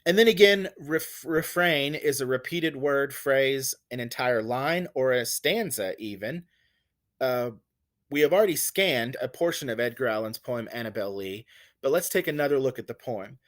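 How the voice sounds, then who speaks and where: A man teaching a recorded lesson on poetry in a conversational way, with fillers and self-corrections, who reads verses slowly to stress their vowel sounds. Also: medium pitch, expressive.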